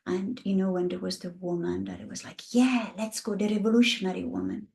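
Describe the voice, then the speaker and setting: A woman's voice: lowish voice, little pitch movement, fast talker, gravelly, darkish tone, slight background noise. Passionate Italian-accented woman. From Italy. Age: 50s. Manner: passionate, acts out the voices of the women she describes. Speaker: guest, women's coach and entrepreneur. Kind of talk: casual podcast interview.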